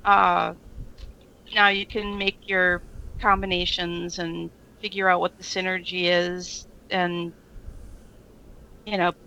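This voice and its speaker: A woman's voice: fairly low pitch, little pitch movement, takes it slowly, long pauses, bright, forceful tone, dull audio. A woman co-hosting a casual podcast chat, telling a rambling story full of fillers and laughs. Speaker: podcast co-host.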